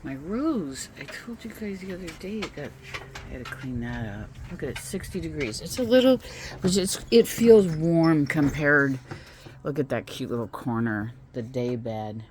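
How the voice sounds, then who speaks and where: With lively intonation, a darkish tone and a moderate pace, a woman chats her way through a casual phone-filmed tour of her California home and garden, indoors and outdoors. She rambles talkatively and coos at her pets in a high sing-song; there's a little hiss or hum.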